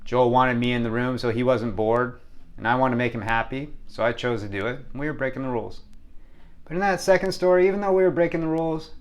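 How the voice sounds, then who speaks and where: A man from San Diego telling a personal childhood story with a moral, in a lively way, sometimes hushed and sometimes excited. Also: medium pitch, fast. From San Diego, United States. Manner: lively, hums sound effects, shifts from hushed to excited.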